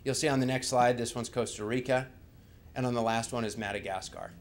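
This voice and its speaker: A man's voice: mid-range voice, fairly even intonation, brisk, a little hiss or hum. A man presenting a slide talk, speaking conversationally and asking the audience rhetorical questions.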